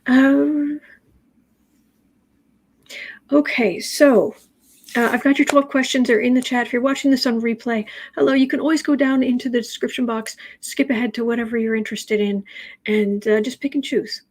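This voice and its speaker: A tarot reader leads her daily livestream in a slightly high, somewhat mellow voice, fairly even in intonation and a little fast. Between chatty remarks to her viewers, she stops to talk to her cat.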